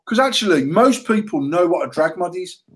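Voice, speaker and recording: Man, casual podcast co-host, high and lively voice, swears a lot. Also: moderate pace, low-quality recording. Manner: sweary, excitable, animated, laughs often. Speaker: podcast co-host, mod company owner.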